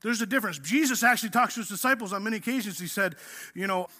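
A male pastor preaching a sermon in a casual, energetic way, acting out the story as he tells it. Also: high-pitched, rapid-fire. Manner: energetic, casual preaching, says "man" often; acts out the story.

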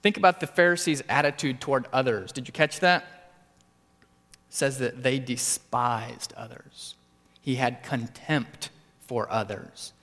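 A man preaching a sermon with earnest emphasis, his voice climbing for stressed points and dropping low for quiet ones. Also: takes it slowly, long reverb tail. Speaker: pastor.

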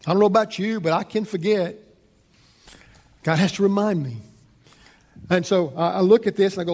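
A man preaching a sermon as pastor, animated and acting out the people in his story. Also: sits high, moderate pace, long pauses. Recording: long hall reverb.

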